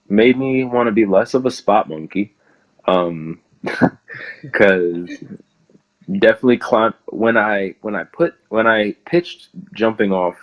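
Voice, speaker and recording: A young man, a pro wrestler, telling rambling stories in a casual interview and laughing often. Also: on the low side. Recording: dull lo-fi audio.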